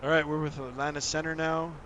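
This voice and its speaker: A man's voice: fairly high pitch, flat delivery, quick pace, a bit bright, highs cut off. A man from Canada, a real pilot streaming a flight sim, chatting casually with lots of fillers and restarts. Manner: rambling, filler-heavy, friendly chatter. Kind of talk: casual live-stream chat. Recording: noisy background.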